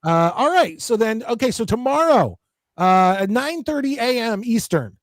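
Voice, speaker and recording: A man with a notably high voice hosts a live sports talk show, keeping things moving in an easygoing way. The sound is dry and close, without any room echo. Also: big pitch swings, moderate pace. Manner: easygoing, steers the segment. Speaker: host. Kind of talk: casual chat.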